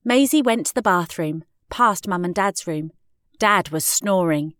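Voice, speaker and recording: A woman reading children's stories aloud in an expressive, measured way. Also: lowish voice, no echo, studio quality. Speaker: storyteller. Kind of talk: storybook reading.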